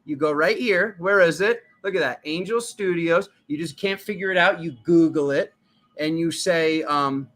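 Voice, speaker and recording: A man hosting a live tarot reading, his voice bright and forceful. He preaches with fervent urgency and keeps addressing the viewers as his family. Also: a little high, moderate pace. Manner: riled up, urgent. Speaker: tarot reader and channel host.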